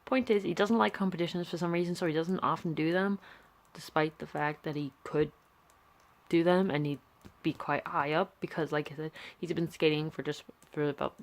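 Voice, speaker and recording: A woman's voice: deep voice, fairly even intonation, moderate pace. A young woman chatting casually and rambling with many fillers and restarts, filming on a handheld camera. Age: young adult. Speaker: art vlogger. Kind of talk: casual chat.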